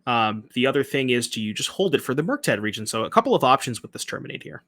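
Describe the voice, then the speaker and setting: Fast bright-voiced male commentator. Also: medium pitch, big pitch swings. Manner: quick, analytical. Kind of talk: card game color commentary.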